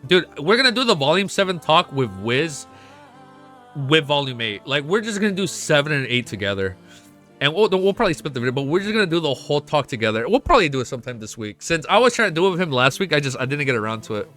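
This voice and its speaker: Young guy streamer reacting live, swears a ton, bright lively voice jumping all over, bit of music under it. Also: on the high side, quick pace. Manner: excitable, swears a lot, laughs often. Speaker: streamer reacting to a web novel. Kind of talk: casual live reaction chat.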